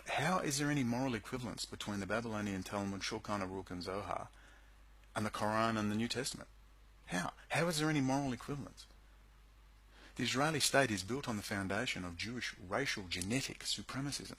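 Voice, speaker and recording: A man in a mid-range, fairly bright voice with a breathy edge talks a little fast and animatedly into his computer microphone at home. The video blogger delivers an agitated, sarcastic rant straight to his viewers. The audio quality is poor.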